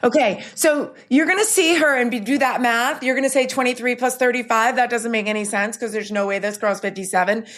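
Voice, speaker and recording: A woman's voice: on the high side, fairly even intonation, brisk, hardly any pauses, fairly bright tone. A woman podcast host interviewing a guest conversationally, with encouraging, exclamatory reactions.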